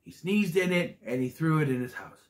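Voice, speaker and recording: A man voicing a big childlike yellow bird who stammers and trips over his words. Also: a little high, fairly quick, slight background noise, pitched above the performer's own voice, natural voice. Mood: flustered. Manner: stammering and flustered.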